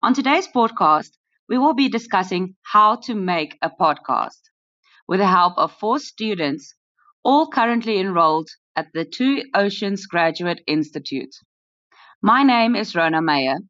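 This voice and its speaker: A woman's voice: medium pitch, animated, measured pace, a bit bright, dry recording. A young woman, a student formally opening and reading a prepared class podcast script. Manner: formal, welcoming opener. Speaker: student presenter. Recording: dry, dull lo-fi recording.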